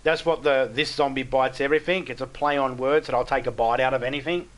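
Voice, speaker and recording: On a live game stream, a middle-aged Australian man chats casually with his viewers at a quick pace, his mid-range voice fairly bright with fairly even intonation. Blunt and profane, he often trips over restarts.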